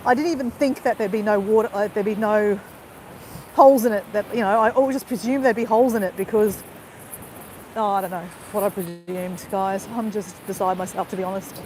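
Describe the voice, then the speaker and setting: A woman's voice: medium pitch, steady tone, fairly quick, a little mellow, slight background noise, low-quality recording. A woman vlogger crying as she talks, rambling with lots of "you know" while on a walk outdoors. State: tearful, crying. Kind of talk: emotional live-stream monologue.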